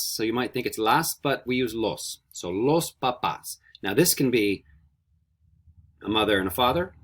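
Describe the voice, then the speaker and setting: A man teaching a recorded beginner Spanish lesson, repeating each word slowly three times for students to echo back. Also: medium pitch. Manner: slow repetition drills, animated.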